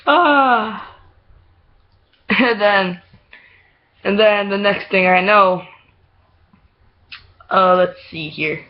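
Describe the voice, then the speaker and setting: A man's voice: high voice, extremely slow, long pauses. A man telling a story in a casual vlog, rambling with many fillers and restarts and laughing often. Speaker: vlogger. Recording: dull lo-fi home video audio.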